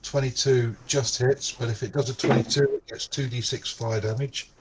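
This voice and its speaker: A man's voice: medium pitch, fairly even intonation, normal speed, background noise. A man playing a tabletop game, working out damage aloud and correcting himself. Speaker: player.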